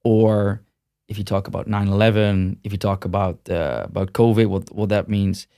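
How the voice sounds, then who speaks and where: Low-voiced man, rambling guest. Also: steady tone, normal speed, dark tone, clear, resonant tone, no room sound, studio quality. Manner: rambling, frequent restarts and repeated words. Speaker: podcast guest. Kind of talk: casual interview conversation.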